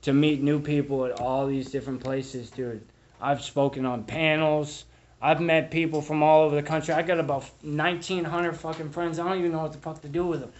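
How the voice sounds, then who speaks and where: Young Boston man, rambling profane storyteller, slightly high voice, dull lo-fi recording. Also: flat delivery, fairly quick, slight background noise. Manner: rambling, profane, fillers of "dude" and "like". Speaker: speaker sharing recovery story. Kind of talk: storytelling to a live audience.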